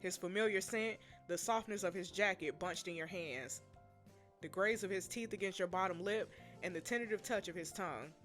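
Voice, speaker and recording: A woman reading aloud and reacting to a story game, animated and chatty, talking straight to her viewers. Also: on the low side, moderate pace, faint music behind. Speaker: gamer.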